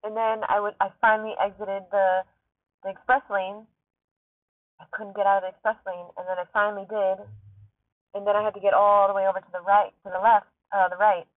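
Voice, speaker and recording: A shaken, tearful woman pours out an urgent, emphatic monologue from inside her car, swearing often. The sound is thin and tinny like a phone line, and completely dry with no room echo. Her voice sits at a middling pitch. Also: little pitch movement, brisk. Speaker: podcast host. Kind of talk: emotional monologue. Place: parked car.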